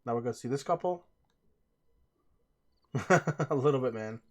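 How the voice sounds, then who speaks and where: A man's voice: mid-range voice, moderate pace, a little mellow. A young man chatting casually to viewers during a game let's play, rambling with restarts.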